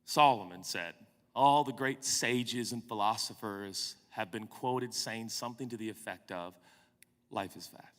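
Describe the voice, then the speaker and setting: A man's voice: lowish voice, a little slow. A man in his forties, a pastor telling a comic, self-mocking story during a sermon. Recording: long hall reverb.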